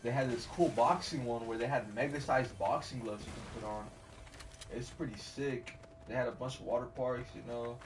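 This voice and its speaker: A man's voice: mid-range voice, moderate pace. A man streaming a game while telling a rambling, slangy, profane story in casual chat. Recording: distant mic with faint noise.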